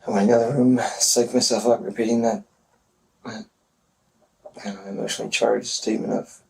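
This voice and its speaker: A man speaking haltingly in a police interview, pausing often, in a gravelly voice. He sits away from the microphone, and faint noise runs under his voice. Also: fairly low pitch, fairly even intonation, distant mic, rough recording. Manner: halting, hesitant, full of pauses. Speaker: murder suspect in a police interview. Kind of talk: recounting events in an interview.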